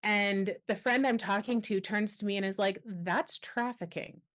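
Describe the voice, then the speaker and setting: A woman guest on a podcast interview, telling a personal story with candid, animated energy and quoting others as she goes. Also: mid-range voice, normal speed. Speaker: guest, anti-trafficking expert.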